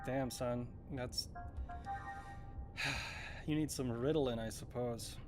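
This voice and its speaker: A man's voice: medium pitch, steady tone, takes it slowly, over music. A man from New Zealand streaming a game, chatting casually in a rambling, joking and profane way. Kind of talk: casual chat while gaming.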